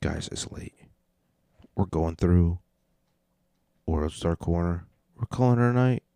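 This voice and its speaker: Very deep-voiced man rambling as a podcast host. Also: slow, warm tone, clean tone, no echo. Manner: rambling, profane, self-deprecating. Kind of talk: casual comedic monologue. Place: home room at night. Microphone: mic turned up close.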